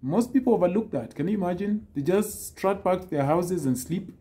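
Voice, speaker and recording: A man giving casual dating advice, lively and teasing, acting out the texts he quotes. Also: sits high, brisk.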